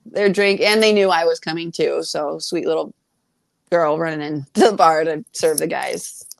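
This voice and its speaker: A woman bartender chatting casually as a podcast guest, blunt and quick to swear and laugh. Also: deep voice, steady tone, creaky, no room sound. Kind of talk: casual chat.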